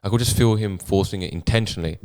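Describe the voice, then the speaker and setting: A young man, chatting casually on a podcast and recounting a night out in a relaxed, sweary way. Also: low voice, fast. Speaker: podcast co-host. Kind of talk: casual chat.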